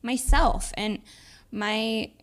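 Speaking extremely slowly in a voice on the high side, a woman co-hosts a podcast. The conversation is casual but earnest, reflective and heartfelt.

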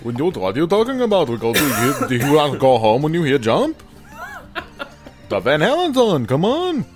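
A man doing an exaggerated comic caricature voice, loud and shrill. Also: huge pitch swings, very fast, faint music behind. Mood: mocking. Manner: shrill, exaggerated, high-pitched shouting.

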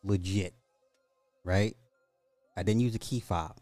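A man's voice: sits low, steady tone, slow, mellow, no room sound, faint music behind. A man hosting a podcast, reading a news story aloud and breaking off for sarcastic, casual asides. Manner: sarcastic, jokey, reads articles aloud with asides. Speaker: podcast host.

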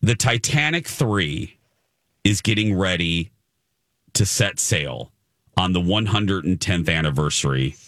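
Low-voiced male show host. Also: lively intonation, unhurried, a bit bright, no room sound, studio quality. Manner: chatty storyteller, acts out quotes. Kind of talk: casual chat.

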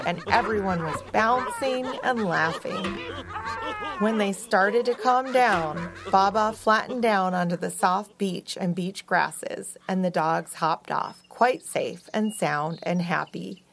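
A woman co-hosting a podcast, narrating a children's story in a slow, expressive and playful way. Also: medium pitch. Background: music.

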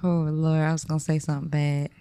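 Young woman, podcast guest, lower-pitched voice, animated storyteller who laughs a lot. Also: quick pace, clean tone. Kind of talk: casual podcast conversation.

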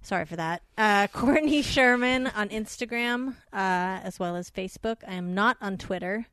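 A woman chats as a podcast guest, easygoing and quick to laugh, mostly answering in short replies. Her pitch is middling. The sound is close and dry. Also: fairly bright tone, smooth, dry recording. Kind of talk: casual podcast chat.

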